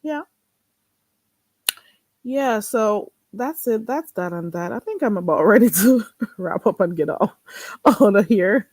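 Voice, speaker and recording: A woman's voice: mid-range voice, animated, slow pace, long pauses, darkish tone, dry recording. A woman vlogger in casual solo chat, chatty and self-mocking, talking half to herself.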